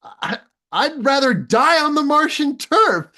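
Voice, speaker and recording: A man's voice: very high voice, sing-song, slow pace, pushed and bright, pitched above the performer's own voice, heavily acted. A man voicing a proud male space commander who pleads reluctantly in a comic retelling.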